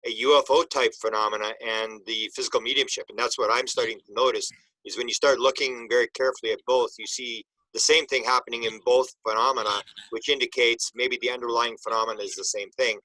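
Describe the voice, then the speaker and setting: A man's voice: medium pitch, fairly even intonation, fast talker, sharp tone, dry recording, poor audio. A man hosting a casual group discussion, reflective and thinking aloud. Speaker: host.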